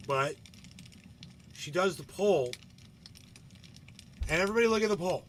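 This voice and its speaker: A man's voice: a little high, slow pace, pauses often, sharp tone, slight background noise. Rambling, profane man hosting a livestream. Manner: rambling, profane, keeps asking "right?". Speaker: livestream host. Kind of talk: casual live commentary.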